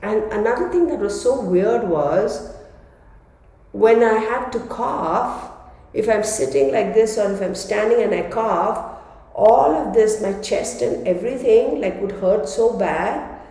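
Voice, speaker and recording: A woman's voice: medium pitch, expressive, measured pace, mellow. A woman chatting casually to camera as a tarot vlogger, stuffy and congested from a cold, saying "y'all" often. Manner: chatty, says "y'all" often, laughs between lines. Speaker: tarot reader and psychic vlogger. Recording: echoey room with long reverb.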